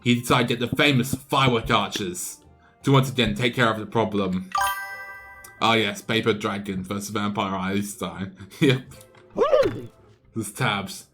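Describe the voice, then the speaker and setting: A man's voice: lowish voice, fairly even intonation, a little slow, long pauses, music in the background. A man streaming live, narrating a game battle as an improvised, playful story with frequent restarts.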